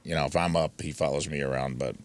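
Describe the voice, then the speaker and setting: A man's voice: very deep voice, fast talker, no echo. A man hosting a radio show, telling a story in casual studio banter and acting out what others said. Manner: animated storyteller, acts out quotes. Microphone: studio microphone.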